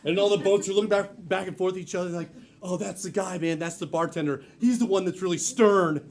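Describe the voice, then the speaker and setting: An improv performer rattling off bar jokes on stage, animated and quick to laugh. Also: mid-range voice, very noisy. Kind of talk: improvised joke-telling. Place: comedy theater stage.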